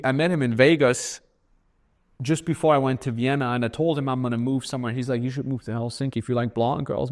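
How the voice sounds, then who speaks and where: Man, podcast guest, candid storytelling, blunt, profane, repeats himself. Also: mid-range voice. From Austria. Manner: blunt and profane, with frequent repetitions.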